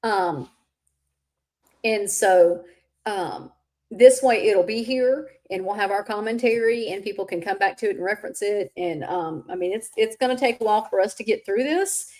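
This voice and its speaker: A woman's voice: mid-range voice, moderate pace, darkish tone. A woman hosting a casual livestream chat, speaking candidly and sometimes with rising emphasis, a little stuffy from allergies. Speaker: host.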